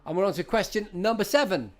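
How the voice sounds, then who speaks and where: A man's voice: sits high, animated, fast, soft background music. A middle-aged man hosting a live-streamed retro quiz, chatting and greeting viewers by name as he reads out questions. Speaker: host.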